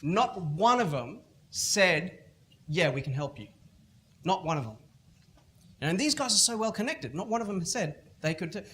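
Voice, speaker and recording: A middle-aged man with an Australian accent gives a keynote at a school event. His voice sits somewhat high, and he tells stories with animated energy, slipping into other people's voices as he goes. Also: moderate pace. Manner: animated storytelling, acting out other people's lines. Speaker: motivational speaker. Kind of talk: keynote talk at a school festival.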